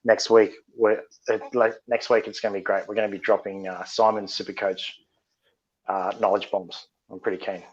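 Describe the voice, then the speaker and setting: A man co-hosting a casual podcast, blunt and sweary, telling stories with animated delivery. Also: lowish voice, moderate pace, dull audio. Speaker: podcast co-host.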